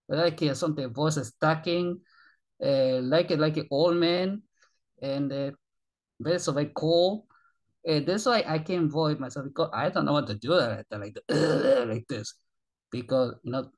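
Excitable man in broken English. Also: fairly high pitch. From Argentina. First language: Spanish. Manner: excitable, rambling broken English, frequent swearing. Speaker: YouTube reaction channel host. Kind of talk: casual reaction commentary.

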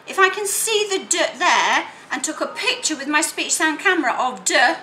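Lively woman sounding out words. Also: high voice. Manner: sounds out words slowly in separate phonemes; animated and playful with children's toys. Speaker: literacy teacher. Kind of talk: teaching demonstration. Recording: echoey room, faint noise.

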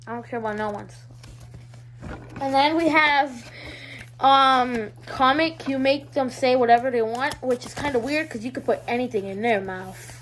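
A woman's voice: high-pitched, normal speed, a bit bright, a little hiss or hum, low-quality recording. A female vlogger showing her toy collection in a hyper, giggly, rambling way. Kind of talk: casual show-and-tell vlog.

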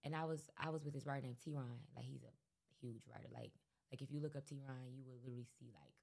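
A woman with a notably low voice, chatting in an easy, casual way. She rambles and pads her sentences with fillers as she goes. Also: fast, gravelly. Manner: relaxed, rambling with many fillers. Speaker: guest rapper. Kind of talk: casual interview chat.

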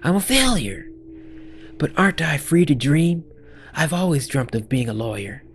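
A man voicing an insecure young male student in a game dub, pleading and high-strained. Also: sing-song, moderate pace, a little hiss or hum. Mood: despairing.

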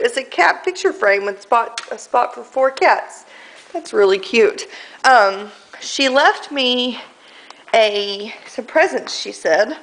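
A woman's voice: fairly high pitch, slow pace, a bit bright. A young woman rambling casually to the camera in a daily home vlog, with lots of ums and likes. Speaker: vlogger. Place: indoors at home, walking between rooms. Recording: echoey room, faint background noise.

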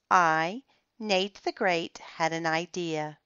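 A woman reading a children's chapter book aloud in a slow, careful and expressive manner. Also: lowish voice, smooth, no room sound. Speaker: storybook reader. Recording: slightly dull, muffled recording.

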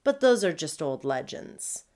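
A woman voicing a prim, patient female poodle first mate in a storybook, speaking crisply. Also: low-pitched, sing-song, a little slow, darkish tone.

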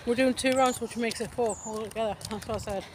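A woman chatting casually with her sister on a walk in a park, relaxed and quick to laugh. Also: a little high, noisy background. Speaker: vlogger's sister. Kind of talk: casual chat. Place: park outdoors.

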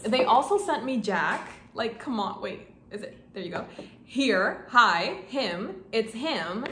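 A woman in her twenties chatting casually in a book vlog, gushing and excitable, often stumbling over her words. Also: medium pitch. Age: 20s. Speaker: book vlogger. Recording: echoey room, faint background hum.

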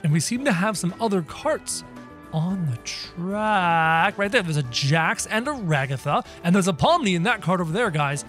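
A high, lively male voice giving running commentary on a game, excitable and quick to yelp at the action. His pitch jumps all over as he talks to his viewers. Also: soft background music. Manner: excitable, yelping at the screen. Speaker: gaming channel host.

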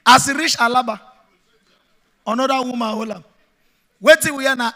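A man's voice: very high-pitched, moderate pace, pauses often, bright, forceful tone, big-room sound. A man with a Nigerian Pidgin accent doing stand-up comedy, chatting and breaking into snatches of song.

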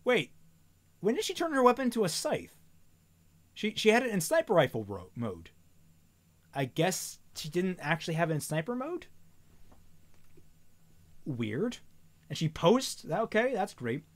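Man reading a novel aloud, animated, stumbles and self-corrects, wry comments. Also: sits high, unhurried, pauses often.

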